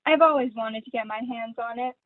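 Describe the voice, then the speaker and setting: A woman's voice: on the high side, a little fast, no echo, lightly acted. A young woman acting a vain, gushing glamorous stage actress in a school play read over a video call. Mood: catty. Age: teens. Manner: theatrical, affected, honeyed. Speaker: student actor. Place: at home. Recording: dry, tinny video call audio.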